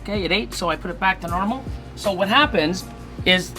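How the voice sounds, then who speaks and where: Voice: medium pitch, fairly quick, sharp tone, faint music behind. Chatty, reassuring snake breeder. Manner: chatty and reassuring, with mock-panicked asides. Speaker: ball python breeder. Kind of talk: casual hands-on feeding demonstration. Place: indoors beside snake enclosures.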